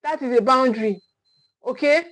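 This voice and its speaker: A woman parenting coach gives a livestream teaching talk, repeating key phrases with emphasis and often checking in with "okay?". She restarts frequently. Her voice is high-pitched at a moderate pace, with no echo but a rough recording.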